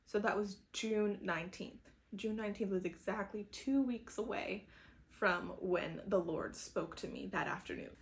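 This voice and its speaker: A young woman chatting casually to camera, telling a personal faith story and acting out her own past thoughts. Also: mid-range voice. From New England, US. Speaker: vlogger sharing a faith testimony.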